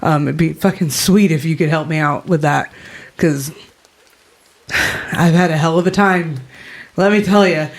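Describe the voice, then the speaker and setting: Woman GM doing a jittery swearing captain, stammers and rambles, a bit higher. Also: a little slow, pauses often. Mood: flustered. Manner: flustered, stammering, cursing. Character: nervous, swearing male captain, rambling to excuse himself.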